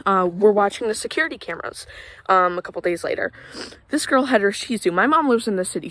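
Out on a walk in her neighborhood, a young female vlogger rambles casually in a medium-pitched voice, with no echo on the recording. She's out of breath and chatty, leans on lots of fillers, and keeps breaking off to grumble indignantly about the neighbors.

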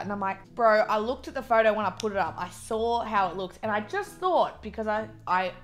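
A woman's voice: medium pitch, lively intonation, a little fast, hardly any pauses, soft background music. A young Australian woman chatting casually while eating on camera, filling her talk with "like" and working herself up into a heated rant. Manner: chatty, peppered with "like", gets heated and ranty. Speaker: mukbang vlogger.

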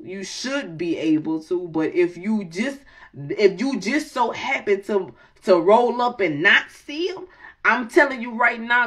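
A woman in her late thirties hosts her own tarot channel with a voice of ordinary pitch. She talks loosely and profanely, jokes often and breaks into laughter, then slides into prayer before turning back to banter. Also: fairly bright tone. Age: late 30s. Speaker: tarot reader and channel host. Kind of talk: casual, freewheeling video talk.

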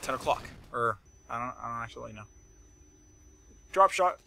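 A man doing live commentary over his gameplay, rambling and chatty, prone to shouting, laughing and swearing. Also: medium pitch, moderate pace, gravelly, pauses often. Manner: excitable, shouts and laughs at in-game moments. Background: game gunfire and explosions.

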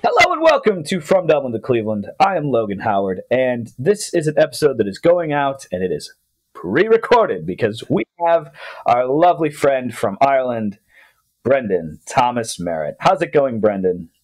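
Giggly podcast host man, lively pitch. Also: normal speed, rough recording. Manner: giggly, playful teasing. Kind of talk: casual chat.

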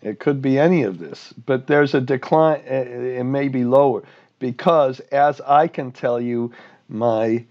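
A man's voice: mid-range voice, unhurried, highs cut off. A man giving an informal, rambling finance lecture with a self-deprecating manner. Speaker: finance instructor.

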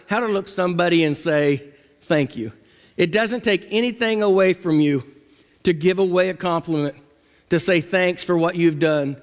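A man delivers a sermon from the pulpit, his voice pitched high. He preaches dramatically, dropping low and then rising to ringing cries. Long reverb from the church sanctuary hangs after each phrase. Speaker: pastor.

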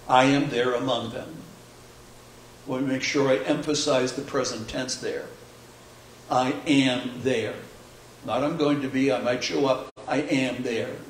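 A man's voice: fairly high pitch, slight background noise. A man preaching a conversational sermon as pastor, posing rhetorical questions with dry humor. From United States. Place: church sanctuary. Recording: echoey church heard from a distance.

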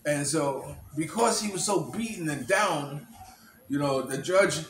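A man telling a story in a loose, halting way, circling back with "you know" and restarts. His voice sits a little high for a man and is picked up from a distance. The room echoes, and birds chirp clearly in the background. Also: fairly bright tone, slight background noise. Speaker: vlogger retelling a movie plot. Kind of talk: casual storytelling.

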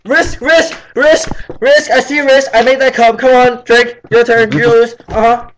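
A jittery, pushy party guy who yelps in a high, strained voice, as a young man puts him on. A light hiss of background noise runs underneath. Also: steady tone, unhurried, rough recording. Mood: hyped. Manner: pushy, jittery, loud then hushed.

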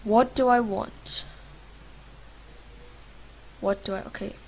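A woman's voice: medium pitch, steady tone, slow, darkish tone, slightly rough, rough recording. A young woman from Lithuania chatting casually as she plays a life-sim game, rambling and talking to her characters with lots of fillers. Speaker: gaming vlogger. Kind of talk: casual let's-play commentary.

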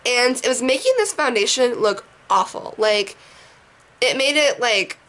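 A young woman talks her way through a makeup routine at home in a loose, rambling way, swearing now and then. Her voice sits a little high but is rough and hoarse from a sinus infection. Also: expressive, unhurried, a bit bright. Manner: rambling, chatty, casual swearing. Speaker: beauty vlogger. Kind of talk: casual makeup tutorial chat. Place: bedroom at home.

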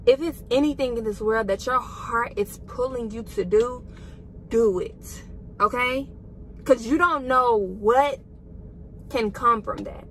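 A woman's voice: mid-range voice, gravelly, bright, forceful tone, a little hiss or hum, low-quality recording. A young woman vlogging from a parked car, giving an emotional, faith-filled pep talk and calling her viewers "y'all" and "girl". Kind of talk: casual encouraging vlog talk.

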